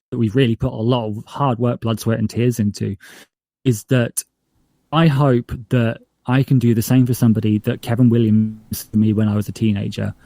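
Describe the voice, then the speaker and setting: A man's voice: mid-range voice, gravelly, warm tone. A man from northern England chats through a remote interview, rambling and stopping to restart his thoughts. His voice sits mid-range, and the sound is dry and close with no room echo. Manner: rambling, hesitant, many fillers and restarts. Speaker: podcast showrunner, guest. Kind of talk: casual interview chat.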